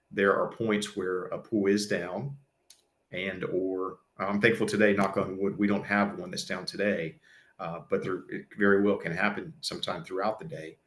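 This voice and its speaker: A man with a fairly low voice gives an educational seminar talk. He is earnest and conversational and often restarts his sentences. The sound carries a noticeable room echo. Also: fairly bright tone. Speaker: pool service company presenter.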